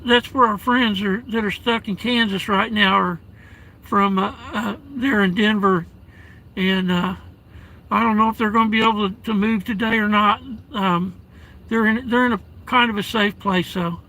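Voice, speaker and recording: Affectionate high-voiced man streaming live. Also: fairly even intonation, sharp tone, poor audio. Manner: friendly, calls viewers darling and brother, halting restarts. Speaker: live streamer reading chat. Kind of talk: casual live stream chat. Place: inside a parked vehicle at home during a blizzard.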